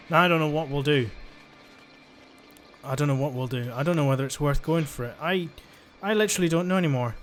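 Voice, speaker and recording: A faint hiss or hum sits under this man's slightly high, fairly bright voice. He's a let's-play gamer casually commenting on his game, joking, chatting and thinking aloud.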